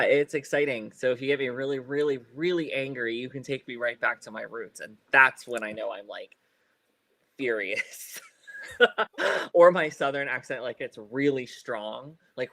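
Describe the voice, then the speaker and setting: A man's voice: medium pitch, sharp tone, no room sound. A man co-hosting a podcast in casual chat. He rambles with many fillers and restarts, laughs often, and stutters now and then. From Ohio. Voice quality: occasional stutter. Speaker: podcast co-host.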